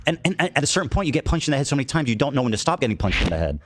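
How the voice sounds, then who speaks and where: A man's voice: medium pitch, very animated, very fast, very noisy. A man on a podcast, sarcastic and mocking as he banters, heard in a played clip.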